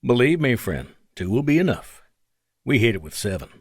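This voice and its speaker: A man voicing a gruff, vengeful male Air Force colonel with an East Texas drawl, speaking in urgent, clipped commands. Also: medium pitch, big pitch swings, moderate pace, dry recording, studio quality.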